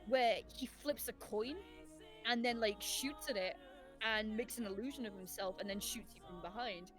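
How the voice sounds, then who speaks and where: A woman's voice: medium pitch, moderate pace, soft background music. A woman telling long, rambling stories in casual chat, laughing often.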